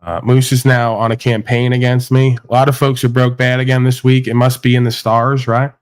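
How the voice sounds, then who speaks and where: A man's voice: mid-range voice, level tone, fairly quick, smooth. A man hosting a live stream, talking in a boastful, rambling, mocking way in crude casual banter.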